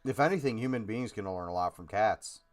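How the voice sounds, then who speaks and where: A man's voice: lowish voice, brisk. A man co-hosting a podcast, talking bluntly and profanely with a joking edge in a casual chat. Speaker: podcast co-host.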